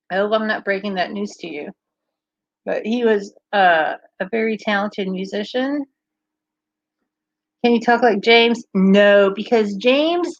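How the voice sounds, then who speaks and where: On the high side, a woman's voice comes through a muffled recording with no room sound. She hosts a livestream, bubbly and laughing often, casually chatting with viewers and responding to their live comments.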